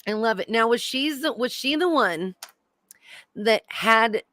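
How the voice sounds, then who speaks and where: A woman hosting a podcast, asking her guest questions in a warm, encouraging way. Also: fairly high pitch, animated, unhurried, dry recording, studio quality. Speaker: podcast host. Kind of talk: interview questions.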